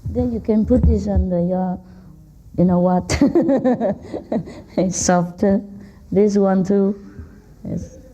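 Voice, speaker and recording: A woman's voice: mid-range voice, takes it slowly, pauses often, dark tone, lo-fi sound, a little hiss or hum. A woman spiritual teacher giving an informal talk to an audience in a hall, teasing and laughing often, in simple non-native English.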